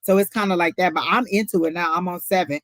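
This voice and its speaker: A woman's voice: fairly low pitch, fast, dry recording. A woman co-hosting a live tarot stream, chatting casually and talking straight to viewers. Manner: chatty, storytelling, talks to viewers directly. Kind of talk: casual chat.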